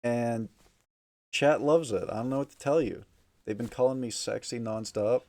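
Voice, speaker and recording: A man's voice: mid-range voice, normal speed, darkish tone. Joking, foul-mouthed male streamer. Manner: joking, profane, teasing chat. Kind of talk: casual livestream chat. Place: small hot room at home.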